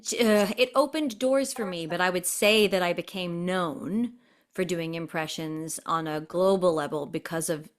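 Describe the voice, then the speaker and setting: A lively woman guest spins a long story in a chatty, animated way and keeps breaking into little voices. Her voice sits a touch low for a woman. She comes through a video call. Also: moderate pace. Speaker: guest performer and impressionist. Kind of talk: casual interview storytelling.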